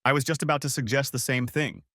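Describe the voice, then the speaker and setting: A man's voice: mid-range voice, fairly even intonation, quick pace, bright, forceful tone, no echo, clean studio sound, lightly acted. A man voicing a charming, wealthy male film star with a thick French accent. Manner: suave, courteous.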